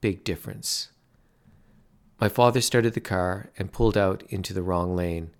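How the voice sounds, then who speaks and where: A man narrating a story in a measured, dry way. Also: sits low, smooth.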